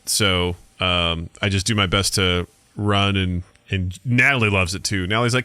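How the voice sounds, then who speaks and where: A man co-hosting a podcast, telling animated stories in casual chat and acting out voices. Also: lowish voice, brisk, clean tone, no echo. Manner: animated storyteller, acts out voices. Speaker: podcast co-host.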